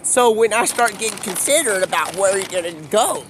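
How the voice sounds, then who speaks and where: High-voiced rambling young man. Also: lively intonation, fairly quick, noisy background. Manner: rambling, free-associating, acts out quoted voices. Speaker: livestreamer. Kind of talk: rambling live monologue.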